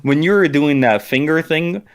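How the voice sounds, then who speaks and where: A man co-hosting a podcast, making wry, deadpan asides in casual banter. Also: on the high side, moderate pace. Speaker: podcast co-host.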